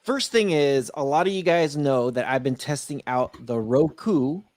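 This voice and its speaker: A man's voice: on the high side, normal speed, a little mellow, dry recording. A man co-hosting a casual streaming podcast, laughing a lot and reading out viewer comments. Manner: giggly, laughs often, reads out chat comments. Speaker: podcast co-host. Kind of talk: casual livestream chat.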